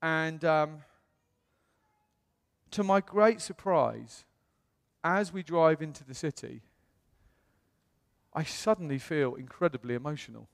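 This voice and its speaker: A man from the United Kingdom preaching in a church, telling his story in a chatty, animated way with self-quotes. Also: on the high side, slow pace, creaky, pauses often. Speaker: pastor. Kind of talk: storytelling sermon. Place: church hall. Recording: long church-hall reverb.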